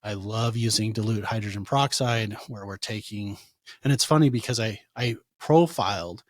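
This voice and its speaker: A man, a chiropractor, answering interview questions in a conversational way, telling animated stories and acting out what his patients said. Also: medium pitch, no room sound, studio quality. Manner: animated storytelling, acts out quoted patients. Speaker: chiropractor guest.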